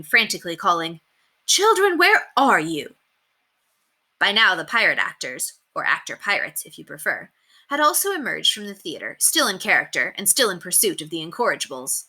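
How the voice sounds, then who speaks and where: A woman teacher reading a chapter book aloud with expressive storytelling. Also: lowish voice, a little fast.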